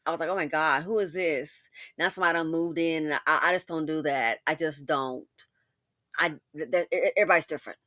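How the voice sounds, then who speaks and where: A commentary channel host with a low-pitched, slightly bright voice talks quickly and directly to her listener in a sassy, outspoken, casual style. The recording is studio quality with no room sound.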